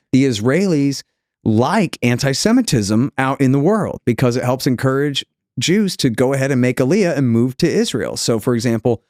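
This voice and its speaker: A man from the United States, a podcast guest, talking in an animated way and acting out the people he quotes. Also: medium pitch, no echo, studio quality. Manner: animated storyteller, acts out quoted voices. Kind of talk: conversational interview.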